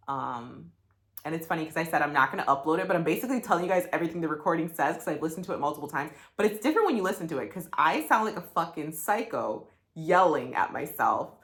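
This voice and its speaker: A woman's voice: low voice, fairly bright tone. A woman vlogging candidly about a breakup, blunt and profane, heartfelt and full of fillers, growing emotional. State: getting emotional. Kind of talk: candid talking-head vlog.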